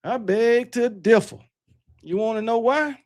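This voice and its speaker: Male stream host, high-pitched, loose boastful banter. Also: measured pace, a little mellow. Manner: rambling, self-correcting, talks back to chat. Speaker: livestream host. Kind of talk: casual chat with live viewers.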